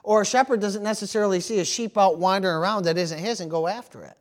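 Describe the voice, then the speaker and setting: A man pastor preaching a sermon, telling animated stories and calling out "amen" and "praise the Lord". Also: high-pitched, fast talker. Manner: animated storytelling with amens and praise interjections.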